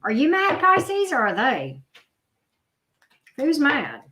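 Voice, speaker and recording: A woman's voice: sits high, huge pitch swings, slow, bright, forceful tone, a little hiss or hum. A middle-aged woman doing a live tarot reading, chatty and blunt, talking straight to her viewers. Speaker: tarot reader. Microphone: video camera.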